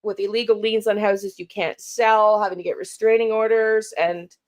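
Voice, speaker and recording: A middle-aged woman from Canada hosting a true crime channel, talking through personal frustrations in a halting, emotional way, with restarts, repeated words and blunt, casual swearing. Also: medium pitch, fairly even intonation. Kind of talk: personal vlog monologue.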